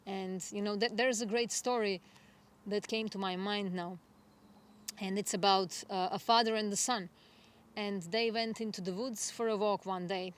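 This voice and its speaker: Gentle woman giving a spiritual talk. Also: medium pitch, fairly even intonation, moderate pace. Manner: gentle, reflective, soft laughs. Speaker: astrologer. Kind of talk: spiritual forecast monologue.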